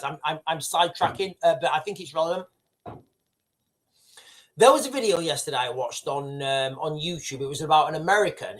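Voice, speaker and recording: A middle-aged British man hosting a livestream, rambling and sidetracking as he talks to his chat. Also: on the high side. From United Kingdom. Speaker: livestream host. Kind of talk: casual livestream commentary.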